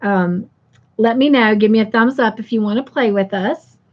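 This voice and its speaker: A woman's voice: a little high, normal speed, highs cut off. A woman hosting a casual livestream, chatting affectionately with viewers and reading out their comments. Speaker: livestream host.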